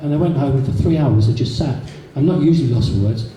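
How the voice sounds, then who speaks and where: Dark-voiced Englishman telling stories in a hall. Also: medium pitch, quick pace, recorded from a distance. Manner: chatty anecdotal storytelling with repeats. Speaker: guest speaker. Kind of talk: public talk to a live audience. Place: meeting hall. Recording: echoey hall from a room recorder, faint noise.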